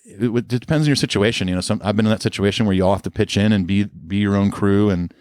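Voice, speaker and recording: A man's voice: on the low side, quick pace, darkish tone, no room sound, clean studio sound. A middle-aged man, a musician guest on a podcast, telling a long casual story in a rambling, laid-back way full of fillers.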